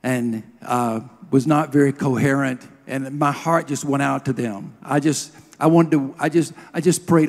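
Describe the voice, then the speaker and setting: A middle-aged man preaching a sermon, telling personal stories earnestly and sinking to a hushed voice at tender moments. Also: medium pitch, fairly even intonation, a little slow, few pauses. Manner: earnest storytelling, drops to a hush at emotional moments. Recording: long hall reverb.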